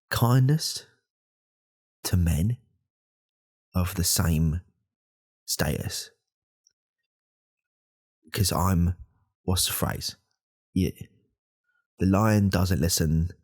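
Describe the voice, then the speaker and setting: A man's voice: a little mellow, full character voice. A man, voicing a self-important, insecure male podcaster in a whispered role-play who rambles and corrects himself. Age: 30s. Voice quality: gravelly, husky low voice. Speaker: podcast host.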